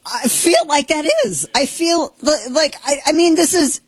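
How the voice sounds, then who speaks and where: A woman in her forties from Missouri hosting a casual talk show, telling stories in an animated, chatty way. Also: high voice, a little slow. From Missouri, USA. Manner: animated storytelling with frequent laughs. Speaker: host. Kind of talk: casual chat.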